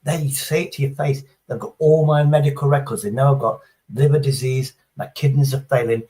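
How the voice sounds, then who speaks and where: A man's voice: mid-range voice, steady tone, brisk, dark tone, poor audio. A middle-aged man, chatting casually on a livestream in a rambling, sweary, sarcastic way. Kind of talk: casual chat.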